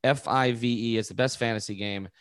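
A man's voice: mid-range voice, fairly even intonation, brisk, smooth, no room sound, clean studio sound. A man co-hosting a sports podcast, giving blunt, frank basketball analysis in casual chat. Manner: blunt, frank verdicts on the team.

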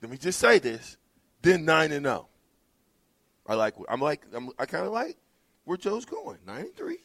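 A man's voice: on the high side, measured pace, dry recording. A man hosting a sports talk radio show, bantering and laughing with his co-hosts in the studio. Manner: animated, laughing, playful teasing.

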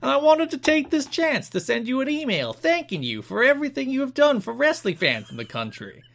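A man putting on a New Jersey accent to voice an excitable male wrestling fan reading his own fan letter aloud, gushing and loud. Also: very high-pitched, a little fast, vocal fry, voice pushed up, exaggerated voice. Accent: put-on New Jersey.

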